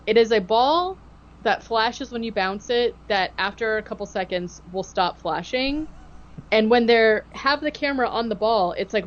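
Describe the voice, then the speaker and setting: A woman's voice: mid-range voice, highs cut off. Sarcastic woman recapping a show. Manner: sarcastic, mocking voices of the show's hosts. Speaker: podcast host. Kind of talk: casual podcast recap.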